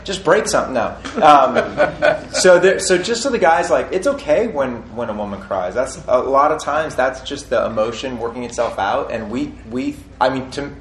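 A man in his forties, co-hosting a casual marriage-advice chat, who talks in halting bursts with many restarts. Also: mid-range voice, lively intonation, a bit bright. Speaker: podcast co-host. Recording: echoey room with faint noise.

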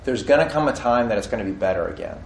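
A man in his forties, co-hosting a casual marriage-advice chat, who talks in halting bursts with many restarts. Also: medium pitch, lively intonation, creaky. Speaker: podcast co-host. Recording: echoey room with faint noise.

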